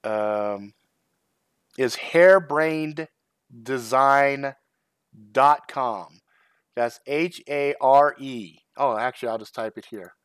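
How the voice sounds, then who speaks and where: A man's voice: medium pitch, takes it slowly, pauses often, a bit bright, clean tone. A middle-aged man hosting his own channel, chatting casually on a live stream, rambling and swearing, often breaking into laughter. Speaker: channel host.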